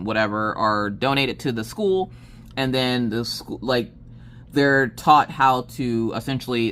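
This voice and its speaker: A woman hosting a crafting vlog, chatting casually and acting out the people in her anecdote with lots of asides. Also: rumbling low. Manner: animated, acts out the other people in her stories; chatty with many fillers and asides. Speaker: crafting channel host. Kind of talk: casual storytelling chat.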